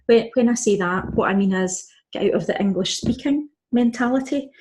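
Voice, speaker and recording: A woman's voice: medium pitch, normal speed, a little mellow. Scottish woman teaching Spanish. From Scotland. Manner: patient, explains step by step with frequent "so" and "right?". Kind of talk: online language lesson.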